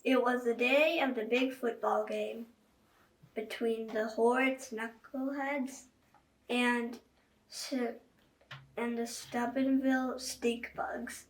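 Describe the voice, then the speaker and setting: A woman's voice: a little high, little pitch movement, takes it slowly. A woman reading a children's book aloud, chatting directly to young listeners. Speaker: children's story reader. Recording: echoey room, voice far from mic.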